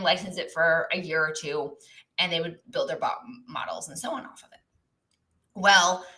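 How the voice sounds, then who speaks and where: A woman's voice: medium pitch, pushed and bright. A woman coaching on a livestream, chatty, often trailing off and restarting her sentences as she talks through examples. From lived in many countries. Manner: chatty, reads the live chat, trails off and restarts. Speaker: business coach. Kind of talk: live-streamed coaching talk.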